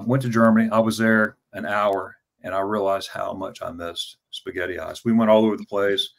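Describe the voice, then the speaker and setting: Stammering man, fifties, lowish voice. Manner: stammering, repeats words, many fillers. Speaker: travel vlogger telling his story as an interview guest. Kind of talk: casual storytelling in an interview.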